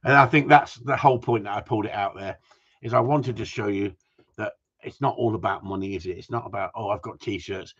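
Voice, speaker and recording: A man chats through a live stream in a slightly low, husky voice, joking and teasing as he reads out viewer comments. The sound is dull and lo-fi. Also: a little fast, fairly bright tone. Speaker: host of a gundog group live stream. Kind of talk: casual live-stream chat.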